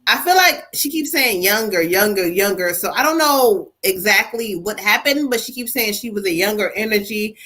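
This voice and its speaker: A woman psychic medium giving a live-stream spirit reading, animated and conversational. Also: medium pitch, moderate pace, few pauses, low-quality recording.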